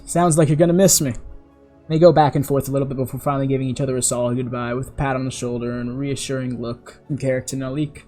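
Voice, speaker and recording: Dude running a tabletop game, mellow voice, chill rambly narration. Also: male voice, mid-range voice, flat delivery, racing, few pauses, soft background music. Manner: casual storytelling with a self-correcting ramble. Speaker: game master.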